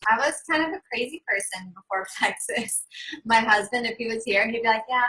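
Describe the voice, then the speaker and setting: A woman's voice: fairly high pitch, expressive, fairly quick, sharp tone, a little hiss or hum, low-quality recording. A married woman in casual chat on a live call, telling self-mocking stories with laughter. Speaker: co-presenter.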